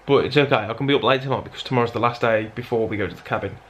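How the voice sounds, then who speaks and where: Black Country man, casual vlogger, rambling and self-deprecating, mid-pitched everyday voice. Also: rapid-fire, a bit bright, slight background noise. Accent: Black Country (Dudley). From Black Country, England. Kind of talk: casual vlog chat to camera.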